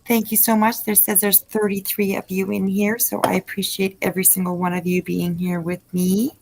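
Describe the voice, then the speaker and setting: A woman's voice: mid-range voice, level tone, moderate pace, vocal fry, darkish tone, low-quality recording. A woman hosting a late-night livestream, chatting effusively with her viewers and reading their messages with plenty of fillers. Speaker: livestream host reading chat.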